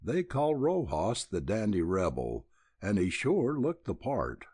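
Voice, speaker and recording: A man's voice: fairly low pitch, wildly swooping pitch, unhurried, a little mellow, husky, no room sound, clean studio sound, heavily acted. A man voicing a talkative, boastful young with an in an audiobook. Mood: folksy. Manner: drawling, folksy.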